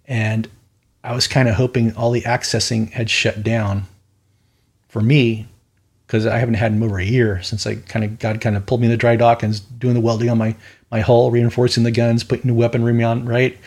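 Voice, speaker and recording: A minister and podcast host tells stories in a casual fireside chat, his mid-range, husky voice level and darkish and his pace a little fast. He's earnest and matter-of-fact about spiritual warfare, wandering into tangents and often asking "right?"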